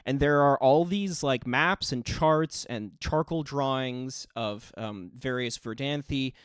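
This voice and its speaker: Man, game master, tabletop narration, loose and rambling with fillers, middle pitch, dry close sound. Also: takes it slowly, clean tone, dry recording.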